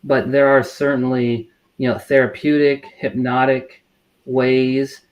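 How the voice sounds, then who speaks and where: A middle-aged man, a mental health counselor, answering interview questions in a measured way, full of fillers and restarts. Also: medium pitch, flat delivery, highs cut off. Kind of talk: interview guest.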